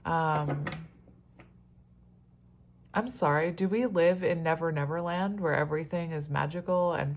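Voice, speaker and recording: A woman in a casual solo tarot reading, chatty and rambling, often laughing and exclaiming at the cards. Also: deep voice. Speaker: tarot reader.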